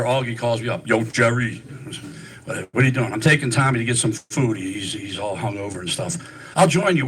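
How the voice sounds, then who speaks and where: A man's voice: medium pitch, a bit bright, poor audio. A man telling a rambling, swearing story at a live roast, repeating his words as he goes.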